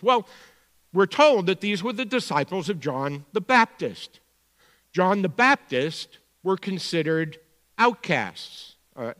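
Bronx-accented male pastor, expository sermon, pitched a little high, reverberant sanctuary sound. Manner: expository preaching, swinging from quiet to emphatic.

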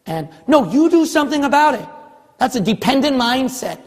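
A man from California preaching a sermon as pastor of his church, hammering one phrase over and over and rising into shouts. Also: very high-pitched, expressive, normal speed, husky, in a large hall. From California, USA. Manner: forceful, repetitive exhorting, rising to shouts.

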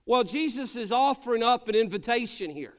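Man, pastor, sermon, high voice, calls for amens, long church reverb. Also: animated, a little fast. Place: church sanctuary.

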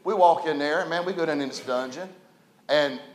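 A man preaching a folksy storytelling sermon, animated and building to emphatic preaching. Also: a little high, brisk. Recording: echoey room.

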